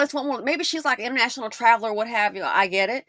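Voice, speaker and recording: A woman's voice: fairly high pitch, fast talker, few pauses, sharp tone, dry recording, studio quality. A woman doing casual storytime commentary, emphatic and full of rhetorical questions, often repeating herself.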